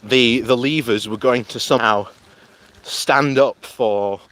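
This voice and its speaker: Out on a morning walk, a political vlogger with a medium-pitched, slightly bright voice speaks slowly, filming himself on a handheld camera. His political commentary is casual and rambling, and he laughs often as he talks.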